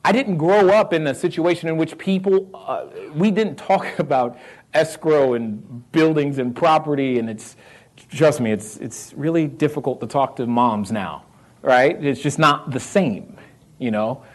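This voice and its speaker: Middle-aged Southern American man, fairly high-voiced motivational speaker who works the crowd with questions and laughs. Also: unhurried. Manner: animated, questions the audience, laughs often. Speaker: real estate investor speaking to a live audience. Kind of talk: motivational talk.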